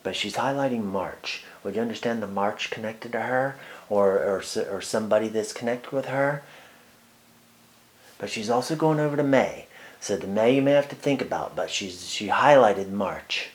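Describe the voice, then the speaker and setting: Male medium, lowish voice, halting delivery full of ums and restarts during a sitter reading. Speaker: psychic medium. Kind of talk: one-on-one spirit reading.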